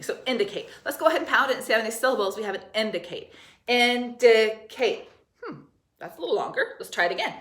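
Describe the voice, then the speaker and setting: A woman teacher dictating spelling words to third graders, stretching out each syllable and letter as she sounds them out. Her voice sits at a middle pitch, and the room gives it a noticeable echo. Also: a bit bright. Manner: slow, clearly enunciated, sounding out letters and syllables. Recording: roomy echo.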